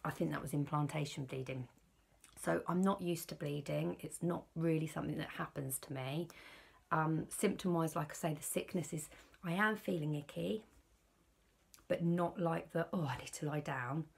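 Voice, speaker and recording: A woman's voice: sits low, moderate pace, gravelly, slightly rough. A British woman in her thirties vlogging at home, talking in a worried, rambling, confiding way. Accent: British English. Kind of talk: candid personal vlog.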